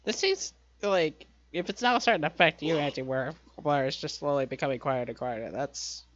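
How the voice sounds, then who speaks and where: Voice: medium pitch, a little fast, fairly bright tone. Game player, casual chat, restarts sentences, headset, dull lo-fi voice chat. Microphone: headset on a voice call.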